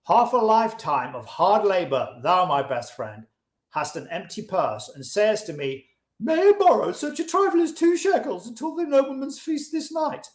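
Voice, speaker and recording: Voicing a discontented but earnest chariot maker, this man reads a classic in audiobook style, speaking old-fashioned English passionately. He pushes his voice up high and sounds very animated at a normal speed, with a roomy echo around him.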